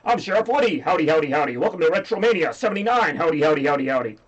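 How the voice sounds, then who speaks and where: A man's voice: a little high, animated, rapid-fire, dull audio, lightly acted. A man doing a cheery cowboy toy sheriff. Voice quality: scratchy.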